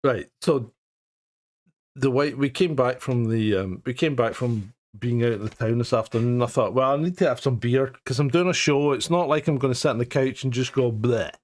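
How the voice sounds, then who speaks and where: A man's voice: medium pitch, moderate pace, a little mellow. A middle-aged Scottish man co-hosting a live stream, chatting casually, joking, laughing often and swearing freely. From Scotland. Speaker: co-host.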